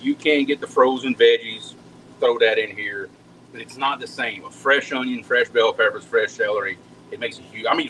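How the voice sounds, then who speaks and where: A man's voice: mid-range voice, a bit bright, a little hiss or hum, rough recording. A man, chatting casually with viewers while cooking at home, folksy and talkative, often repeating words as he goes. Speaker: home cook hosting a live cooking stream.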